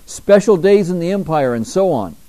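A male pastor delivers a sermon in church with a warm, mellow tone. He reads scripture slowly and forcefully, climbing in pitch on key words. Between verses he drops into quieter, conversational asides. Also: lively intonation, low-quality recording.

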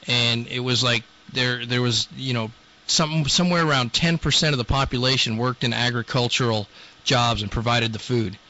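Male show host, blunt scolding monologue, sharp forceful delivery, dull lo-fi recording. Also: medium pitch, normal speed. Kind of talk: ranting talk-show monologue.

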